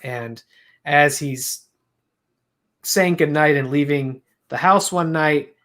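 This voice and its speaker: A man's voice: on the high side, slow pace, fairly bright tone. A man co-hosting a podcast, rambling in casual chat, often restarting his sentences. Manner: rambling, self-interrupting, laughs at his own attempts at accents. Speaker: podcast co-host.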